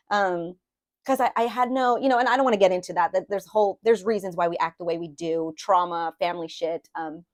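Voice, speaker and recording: Speaking fairly quickly in a voice on the low side, a woman gives an informal tarot reading. She rambles, restarts, and fills gaps with filler words, getting openly emotional about her own feelings.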